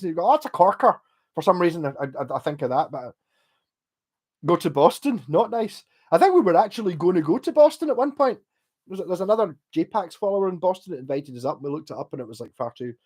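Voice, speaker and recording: A man's voice: high voice, a little mellow. A Scottish man rambling casually on a livestream about guitar repair, with many restarts and the odd swear word.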